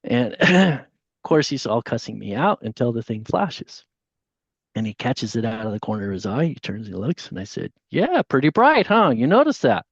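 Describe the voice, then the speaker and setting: A man telling a story on a podcast as a guest. He is casual and animated, and he acts out the voices of the people in his tale. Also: on the low side, moderate pace, gravelly, breathy edge, no room sound. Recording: dull, dry lo-fi audio.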